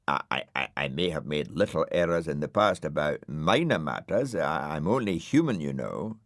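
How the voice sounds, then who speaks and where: A man's voice: a bass voice, lively intonation, normal speed, dry recording, clean studio sound. A man voicing a grumpy, pompous male dog in a storybook, sulky and indignant. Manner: indignant, sulky, grandly aggrieved. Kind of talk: audiobook character voice.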